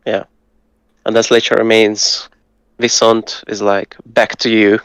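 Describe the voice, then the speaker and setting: A man who speaks Hungarian natively, patiently tutoring and breaking words down slowly, with some hesitant fillers. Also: fairly low pitch, little pitch movement, clear, resonant tone, no echo, poor audio. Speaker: language tutor. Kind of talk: casual language lesson.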